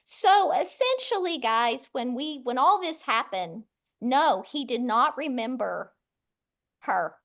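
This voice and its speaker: High-voiced woman telling a lively story. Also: takes it slowly. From West Texas. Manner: animated storyteller, acts out voices in quotes. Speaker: guest. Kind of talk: storytelling in a podcast interview.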